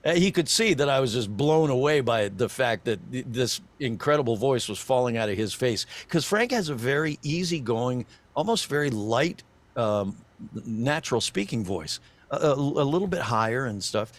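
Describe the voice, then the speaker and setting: Older man telling a lively career story. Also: medium pitch, moderate pace. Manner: animated anecdote-telling with many restarts and fillers. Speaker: voice actor guest. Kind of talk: storytelling in a podcast interview.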